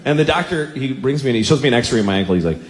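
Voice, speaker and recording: A man's voice: medium pitch, lively intonation, very fast. A man in his forties doing a stand-up set on a large theater stage, telling stories in a sardonic way that rises to incredulous outbursts. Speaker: stand-up comedian. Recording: live stage recording, roomy and noisy.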